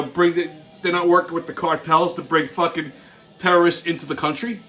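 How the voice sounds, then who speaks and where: A man's voice: fairly high pitch, a bit bright. A man from New York hosting his own channel, ranting bluntly with heavy swearing and stammering restarts. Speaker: channel host. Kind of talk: profane ranting commentary.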